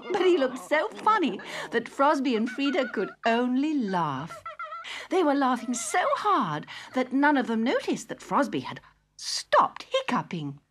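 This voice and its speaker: Expressive woman narrating a children's story. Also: high voice, noisy background. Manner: gentle, expressive read-aloud.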